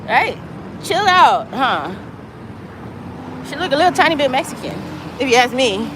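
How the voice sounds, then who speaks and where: High-voiced woman rambling on a street. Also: sing-song, unhurried, background noise. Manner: profane, meandering, talks to her cat in baby talk. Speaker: live streamer. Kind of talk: casual rambling livestream. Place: outdoors on a city street, walking.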